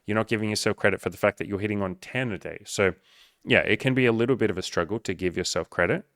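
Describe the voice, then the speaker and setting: A man's voice: lowish voice, fast, fairly bright tone, no room sound, studio quality. A man who coaches on dating, talking bluntly and emphatically with lots of swearing as he answers a viewer.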